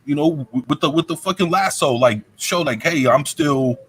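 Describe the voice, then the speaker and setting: A man's voice: on the high side, lively intonation, fairly quick. A man co-hosting a casual chat, rambling with lots of fillers and profanity. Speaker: co-host.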